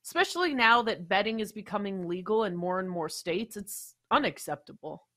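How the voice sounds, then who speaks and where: A woman's voice: lively intonation, moderate pace, a bit bright. A woman in her thirties ranting in casual chat, telling annoyed stories and mimicking people. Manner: exasperated storytelling, mimics people in higher voice. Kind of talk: casual sports talk chat.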